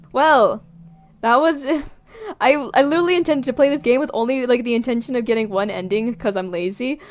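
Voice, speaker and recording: Young woman, gaming streamer, reads visual novel aloud, giggly and animated, fairly high voice. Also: brisk. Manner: giggly, animated, lots of laughing and outbursts.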